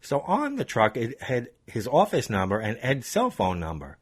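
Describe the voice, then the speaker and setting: A man's voice: medium pitch, moderate pace. A man from Long Island, New York, hosting a podcast, telling a road rage story in casual chat. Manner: animated, laughs often, acts out phone dialogue. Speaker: podcast host.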